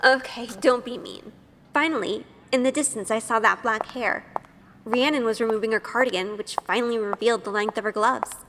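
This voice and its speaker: A woman's voice: fairly high pitch, brisk, big-room sound, background noise, close to an everyday voice. An actress narrating in first person as a shy, nervous young woman who keeps questioning herself in an audio drama. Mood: self-conscious. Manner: earnest, self-questioning inner monologue.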